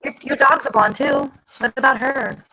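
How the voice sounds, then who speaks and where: A woman's voice: high voice, moderate pace, bright, forceful tone, a little hiss or hum, rough recording. A woman joining a casual livestream as a guest, bantering in a teasing, sarcastic way.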